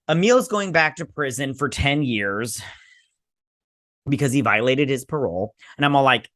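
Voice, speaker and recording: A man's voice: medium pitch, animated, normal speed, fairly bright tone, no room sound, clean studio sound. A man hosting a casual review vlog, blunt, sarcastic and dismissive in tone. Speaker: host.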